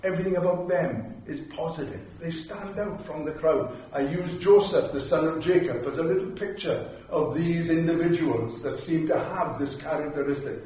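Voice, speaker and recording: Older man, Welsh accent, sermon, fairly high voice, heavy chapel echo, distant mic. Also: moderate pace, hardly any pauses, darkish tone. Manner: storytelling, repeats phrases for emphasis. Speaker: preacher. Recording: very echoey chapel, mic far off.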